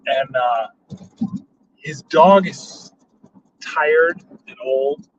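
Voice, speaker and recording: A man telling stories casually as a passenger in a moving car, animated, jumping into loud high voices for quotes. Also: extremely slow. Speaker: passenger and storyteller. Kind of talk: casual storytelling chat. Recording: dull lo-fi sound, faint road hum.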